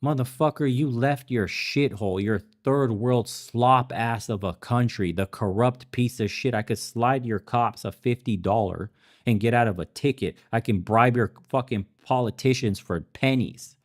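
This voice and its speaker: A man's voice: mid-range voice, normal speed. Heated, foul-mouthed male podcast ranter. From immigrant to America. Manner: heated, swearing, laughs at himself. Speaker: podcast host. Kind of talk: profane ranting commentary. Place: in the Balkans.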